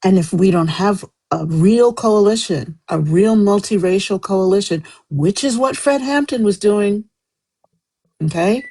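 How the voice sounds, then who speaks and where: A woman's voice: medium pitch, darkish tone, rough recording. A woman speaking passionately in a live stream debate, her voice climbing as she gets heated and then apologizing.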